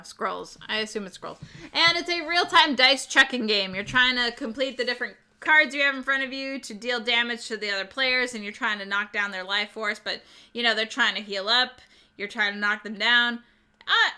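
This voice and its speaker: Woman host, slightly high and bright voice; casual, rambling talk about board games with replies to chat. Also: lively intonation, normal speed, clear, resonant tone. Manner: chatty, rambling, reads out viewer chat. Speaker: board game channel host.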